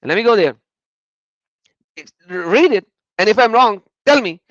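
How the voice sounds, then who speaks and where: A man giving sarcastic video commentary as an online religion critic, mocking and swinging between loud exclaiming and muttering. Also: high-pitched, lively intonation, a little slow, no echo, muffled recording.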